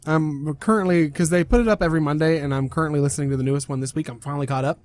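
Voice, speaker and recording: A man's voice: a little high, fairly even intonation, very fast, a little mellow, dry recording. A man introducing a reaction video in a casual, rambling way, correcting himself as he goes.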